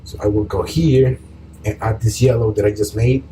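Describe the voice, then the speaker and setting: A man calmly explaining a painting tutorial step by step as he works, pausing often with short fillers. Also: on the low side, a little hiss or hum, rough recording. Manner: calm, relaxed explaining while painting, with pauses and fillers. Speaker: art teacher.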